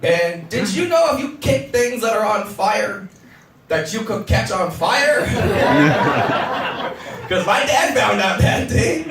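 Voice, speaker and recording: A man performs stand-up on a club stage, his voice sitting high and pushing into shouts on the punchlines. He swears freely and keeps the energy animated. The sound is captured from a distance in an echoey room, with a packed crowd laughing throughout. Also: takes it slowly, loud music behind the voice. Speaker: stand-up comedian. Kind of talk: stand-up comedy set. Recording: echoey club audio from far off. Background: audience laughter.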